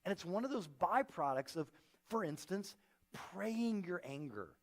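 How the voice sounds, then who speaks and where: Animated preaching man with lively pitch. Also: measured pace. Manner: animated storytelling, acting out quoted voices. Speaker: pastor. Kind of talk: sermon. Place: church auditorium.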